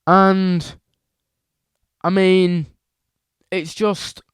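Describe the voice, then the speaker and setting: A man's voice: high-pitched, little pitch movement, drawn-out words, smooth, dry recording, clean studio sound. A man giving a casual football opinion rant as a vlogger, emphatic and repetitive, firing off rhetorical questions.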